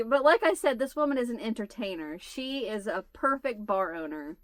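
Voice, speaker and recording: A woman's voice: a little high, moderate pace, no echo. Laughing woman telling a story, dry sound. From United States. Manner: laughs through the story, animated. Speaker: channel host. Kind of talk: casual storytelling chat.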